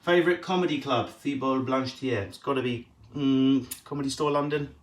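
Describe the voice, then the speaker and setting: A male stand-up comedian answering viewer questions on a casual live stream, quick and profane with jokey riffs. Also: medium pitch, steady tone.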